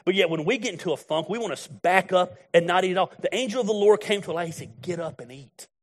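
A man's voice: high-pitched, quick pace. A middle-aged man preaching a sermon in a blunt, folksy, storytelling way. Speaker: pastor.

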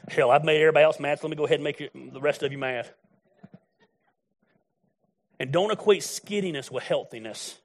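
A man's voice: on the high side, brisk. A middle-aged man preaching a sermon in a blunt, folksy, storytelling way. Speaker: pastor.

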